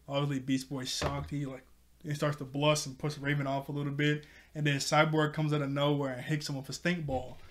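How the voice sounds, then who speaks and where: Higher-voiced young man rambling through a recap. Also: a bit bright. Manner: rambling, self-correcting, chuckles often. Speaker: TV episode reviewer. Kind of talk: casual episode recap.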